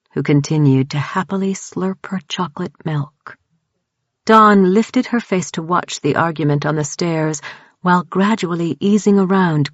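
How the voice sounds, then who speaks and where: A woman narrating a horror audiobook in a measured, dramatic reading. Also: deep voice, no echo, dull audio.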